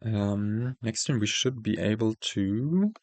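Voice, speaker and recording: Thinking out loud while hosting a card game, a man fills his speech with fillers and keeps correcting himself, his voice starting to go. His delivery is slow, low-pitched and darkish in tone, with no echo.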